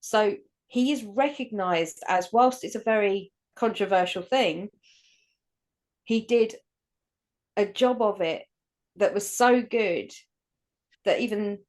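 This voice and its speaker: A woman's voice: medium pitch, slow pace, long pauses, darkish tone. Opinionated, sweary woman co-host. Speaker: podcast co-host. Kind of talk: casual chat.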